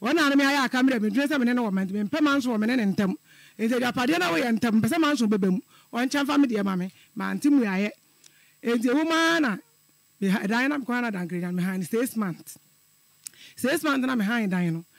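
A man's voice: very high-pitched, animated, fast talker, gravelly, dry recording. A middle-aged man calling in to a radio show, telling a personal story in an earnest, repetitive way. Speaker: caller.

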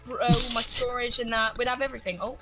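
A woman's voice: a little high, flat delivery, quick pace, over music. A woman with an Irish accent, hosting a casual gameplay chat and rambling along with lots of fillers and restarts. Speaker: gaming channel host.

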